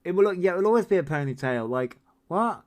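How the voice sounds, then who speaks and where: This livestream host is a man in his forties whose voice sits high and expressive, moving at a fairly quick clip. He reads out viewer comments and rants in a rambling, disbelieving way, swearing freely.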